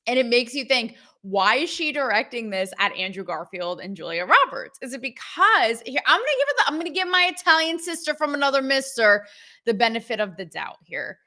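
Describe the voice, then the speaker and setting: A woman hosting her own show, talking in a chatty, animated commentary style with laughs and quick asides. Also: fairly high pitch. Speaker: show host. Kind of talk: casual commentary.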